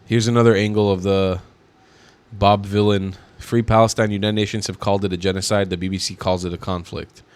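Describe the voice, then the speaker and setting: A man's voice: on the low side, flat delivery, fairly quick. A man giving indignant, mocking reaction commentary on video clips.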